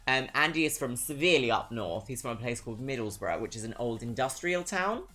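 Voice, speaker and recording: A streamer from Brighton with a southern English accent, chatting casually and reading out viewer messages, swinging between perky greetings and dry asides. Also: mid-range voice, expressive, fairly quick, faint music behind. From Brighton, England. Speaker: livestreamer.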